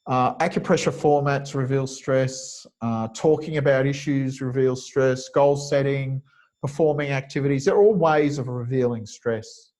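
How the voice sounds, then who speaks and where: A man's voice: medium pitch, a little slow, a little mellow, poor audio. A man teaching a webinar lecture over a video call, explaining step by step and thinking aloud with frequent fillers. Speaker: kinesiology teacher.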